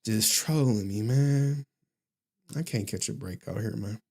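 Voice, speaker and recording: A man's voice: lowish voice, a little slow, warm tone. A man hosting a livestream, chatting casually with his viewers in slang, often laughing and repeating himself. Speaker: livestream host.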